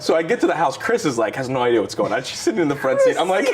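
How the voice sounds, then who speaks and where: A man's voice: high voice, a little fast, very noisy. A man telling a wild anecdote in a casual chat, laughing through it. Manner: animated, laughing through the story. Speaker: storyteller on a podcast.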